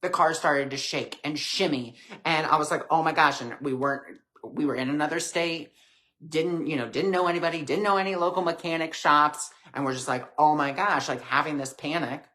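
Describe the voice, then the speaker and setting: A man hosting a live stream, giving a reflective spiritual talk with gentle, repetitive phrasing and many fillers. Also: on the high side, brisk. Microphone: webcam or phone on a live stream.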